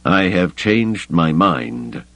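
A man voicing an unstable older male Jedi Master who speaks slowly and imperiously, in an audiobook reading. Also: deep voice, expressive, dry recording. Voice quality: slow, deliberate, commanding.

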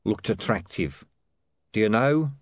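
A man's voice: on the low side, animated, unhurried, dry recording, clean studio sound. A man voicing a shifty, wheedling street hawker in an audiobook.

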